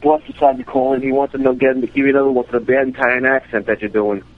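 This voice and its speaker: A man's voice: mid-range voice, flat delivery, fast. A man calling in to a radio show by phone, easygoing and laughing things off. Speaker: caller. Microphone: telephone. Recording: dull phone line with hiss.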